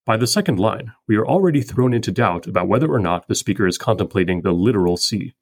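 A man hosting a podcast who reads a scripted poetry analysis in a measured, methodical way. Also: fairly low pitch, expressive, no echo, clean studio sound. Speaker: podcast host.

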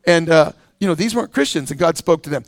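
Pastor guy preaching, kinda high voice, chatty with lots of uh and you know, dry close sound. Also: animated, quick pace, dry recording. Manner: conversational preaching with fillers and restarts. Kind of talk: sermon.

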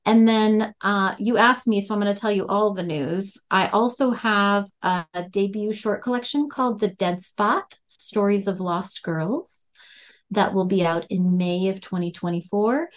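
A woman's voice: mid-range voice, unhurried. A woman author as a podcast guest, talking in a casual, upbeat way and laughing often. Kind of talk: casual interview chat.

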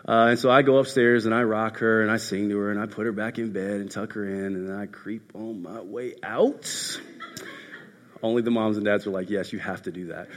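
A man preaching a sermon as a pastor, telling a story and swinging from loud passages to hushed ones. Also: lowish voice, steady tone, fast, few pauses. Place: church hall. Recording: echoey hall.

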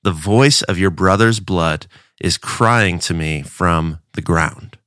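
A man's voice: deep voice, slow pace, fairly bright tone, no echo, clean studio sound. A man from a church giving a casual devotional talk, earnest and conversational, often restarting his words.

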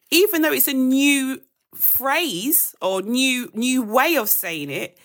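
High-voiced woman teaching Bible live. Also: fairly bright tone. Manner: chatty, addresses viewers as guys, rushes and corrects herself. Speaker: devotional host. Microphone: phone or webcam on a live stream.

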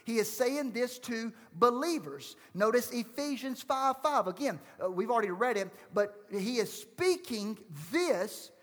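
A man around forty preaching a sermon in a high, light voice. He presses the congregation with emphatic rhetorical questions. The sound rings with a long hall reverb. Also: animated, measured pace, hardly any pauses, fairly bright tone. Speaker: pastor.

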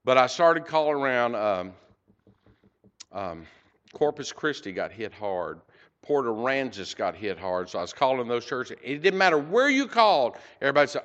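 A man's voice: mid-range voice, sing-song, a bit bright, muffled recording. Emotional man telling a church story. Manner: halting, emotional, many fillers. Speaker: church member giving a mission report. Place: church sanctuary.

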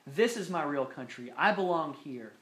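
A man's voice: a little high, expressive, normal speed, close to an everyday voice. A man voicing a joyful male unicorn who has finally come home, read in an earnest storybook way in an echoey room. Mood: overjoyed.

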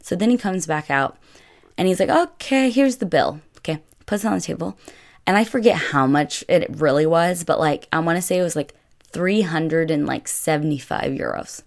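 Low-voiced chatty young woman. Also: moderate pace. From United States. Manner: chatty, filler-heavy, lots of "like". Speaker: vlogger. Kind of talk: casual storytelling.

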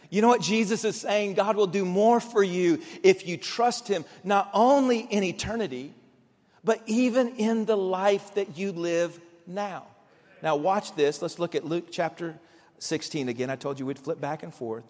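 A man preaching a sermon, acting out dialogue and swinging from loud outbursts to hushed asides. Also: a little high. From Kansas. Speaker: pastor. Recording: reverberant hall sound.

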